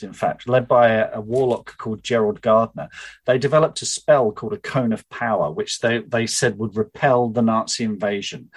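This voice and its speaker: Husky-voiced man reading his novel aloud. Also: mid-range voice, low-quality recording. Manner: chatty and upbeat, with small restarts. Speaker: author.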